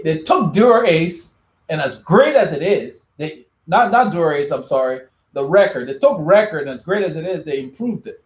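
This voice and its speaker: Male channel host, slightly high voice, rambling casual chat, roomy echo. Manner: rambling, repeats words and restarts often. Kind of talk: casual live chat answering viewer comments.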